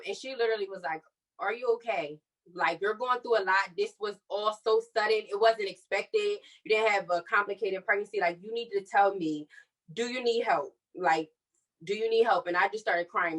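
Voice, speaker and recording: A young woman telling her personal story on a podcast, candid and animated, acting out what others said. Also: medium pitch, distant mic, low-quality recording. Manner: candid, animated retelling with quoted dialogue. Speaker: podcast co-host.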